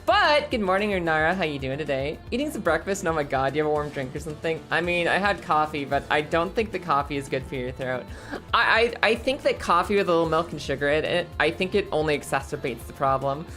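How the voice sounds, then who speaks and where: A woman streaming and chatting casually, her voice a bit hoarse and scratchy, laughing often and rambling. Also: deep voice, expressive, quick pace, fairly bright tone, faint music behind. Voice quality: scratchy throat.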